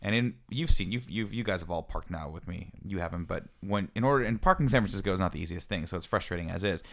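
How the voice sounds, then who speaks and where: A man's voice: low-pitched, fast, creaky. A man in his thirties, a podcast co-host, telling a self-mocking story in casual chat. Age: 30s.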